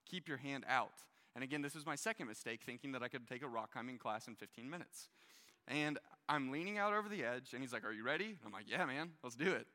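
A young man in his twenties telling a story in a casual, animated way during a sermon to a young adult crowd. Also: medium pitch, fast. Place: large hall with a stage. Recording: long hall reverb.

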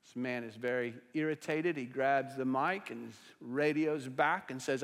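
A male pastor preaching a sermon to a congregation, swinging between loud declarations and hushed, intense asides. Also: medium pitch, a little slow. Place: church sanctuary with a congregation. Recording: long hall reverb.

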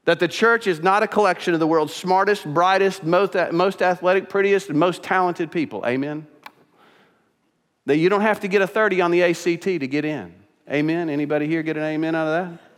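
A man's voice: fairly high pitch, brisk, fairly bright tone. Man preaching in a reverberant hall. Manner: earnest, rising to emphatic preaching with repeated phrases. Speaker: pastor. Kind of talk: sermon. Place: church sanctuary. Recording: long reverb in a church hall.

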